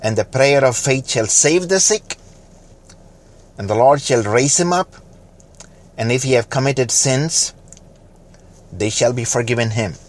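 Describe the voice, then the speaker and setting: A man preaching a fervent sermon, building to loud exhortation and dropping to quiet, slowed lines. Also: medium pitch, expressive. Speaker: pastor.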